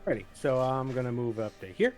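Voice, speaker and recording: A man player in a tabletop game, briskly explaining what his character does. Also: mid-range voice, sing-song, darkish tone, faint music behind. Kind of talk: casual tabletop game chat.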